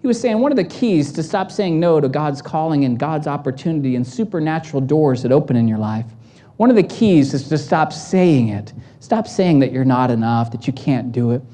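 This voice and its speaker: A woman pastor delivering a sermon, animated and acting out the voices in the story. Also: low voice, moderate pace.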